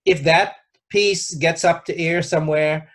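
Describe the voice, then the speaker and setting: A man hosting a casual interview chat, talking hesitantly and softly with many restarts. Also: fairly high pitch, fairly even intonation, a little slow. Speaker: podcast host.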